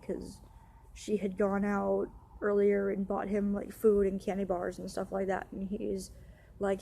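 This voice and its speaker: A woman's voice: mid-range voice, completely flat delivery, unhurried, gravelly, dark tone, a little hiss or hum. A young woman rants in an upset, run-on way, swearing often as she tells a storytime vlog about her night. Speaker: vlogger.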